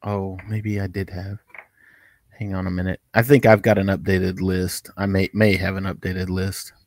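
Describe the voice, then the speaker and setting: A man's voice: low voice, flat delivery, normal speed. A man co-hosting a live fan talk show, chatting casually and rambling, often restarting his sentences. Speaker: podcast co-host.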